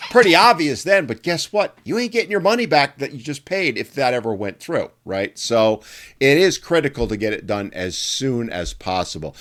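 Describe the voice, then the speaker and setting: A man hosting a podcast interview, talking conversationally and adding quick asides. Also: mid-range voice, expressive, a bit bright. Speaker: podcast host.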